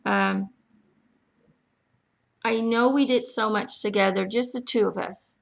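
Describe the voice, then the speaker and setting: A woman gives a spiritual reading in a soft, unhurried voice, stopping often to listen before she goes on. Her voice is very gravelly, with heavy vocal fry, at a middle pitch. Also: steady tone. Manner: gentle, halting, many ums, pauses to listen. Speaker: spiritual medium answering follower questions. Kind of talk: channeling reading, casual spoken.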